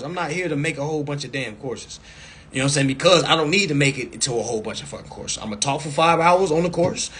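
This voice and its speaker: A man coaching viewers in a casual live stream over a phone mic, blunt and profane, repeating himself and breaking into loud, emphatic bursts. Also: a little high, husky.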